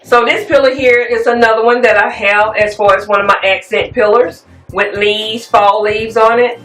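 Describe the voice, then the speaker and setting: A woman's voice: fairly high pitch, fairly even intonation, moderate pace. A woman, chatting casually and rambling a little as she shows home decor finds to her viewers. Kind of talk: casual show-and-tell chat. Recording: echoey room, mic at a distance, soft music.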